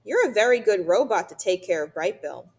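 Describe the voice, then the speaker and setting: A woman voicing a shy young male beaver son who speaks quietly and gently in a storybook reading. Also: medium pitch, big pitch swings, fairly quick, slightly rough. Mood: gentle.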